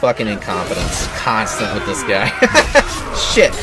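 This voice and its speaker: A man's voice: on the low side, wildly swooping pitch, drawn-out words, a loud crowd. A young man hosting a gaming video, giving casual gameplay commentary, laughing constantly and swearing as he rambles jokes. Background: game music and battle sounds.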